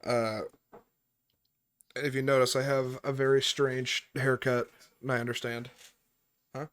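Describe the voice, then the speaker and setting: Animated swearing podcast storyteller. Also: mid-range voice, a little slow. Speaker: podcast host. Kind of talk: casual podcast chat and storytelling. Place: room at home on a voice chat.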